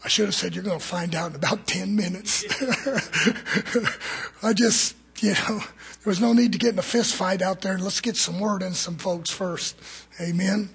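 A man preaching a fiery sermon in a church, swinging from loud shouts to low murmurs. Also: gravelly, slightly rough.

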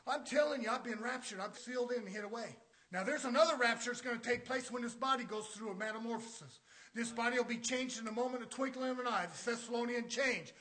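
A male preacher with a strikingly high, bright, cutting voice. He delivers his sermon in folksy Southern phrasing. He swings between fiery shouted declarations and quiet, confiding asides. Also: fairly quick.

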